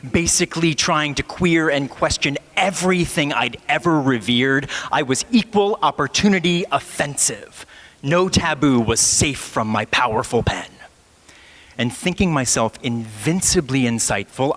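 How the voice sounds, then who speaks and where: A man from Ohio, a pastor in his thirties, tells a wry, self-mocking story from the pulpit at an unhurried pace. His mid-pitched voice rings out with the long reverb of a large church hall. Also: a bit bright. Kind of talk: sermon with personal storytelling.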